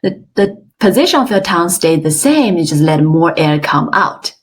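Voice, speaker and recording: A woman teaching an online language class, modeling sounds slowly and with exaggerated tones, praising often. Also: lowish voice, lively intonation. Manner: slow, careful, exaggerated tone demonstrations; encouraging, frequent praise. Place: online webinar.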